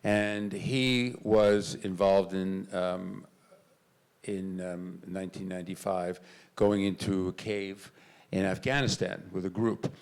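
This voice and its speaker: An older man tells stories to a convention crowd, his voice sitting fairly low. He gets animated and loud when he acts out the lines he used to shout. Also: slow pace. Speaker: actor on convention panel. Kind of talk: storytelling on a panel. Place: convention panel stage.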